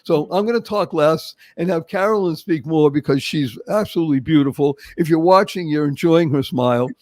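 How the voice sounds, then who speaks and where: An older man from Boston with a Boston accent, hosting a motivational interview show with animated, emphatic storytelling. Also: a little high, fairly quick, no echo. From Boston, Massachusetts. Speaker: show host.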